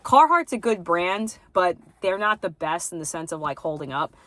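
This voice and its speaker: A woman's voice: on the low side, animated, normal speed, fairly bright tone, no room sound. Young New woman vlogging, blunt and scattered, dead-dry close mic. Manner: rambling, lots of "like" and restarts; blunt, self-deprecating. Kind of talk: casual vlog monologue.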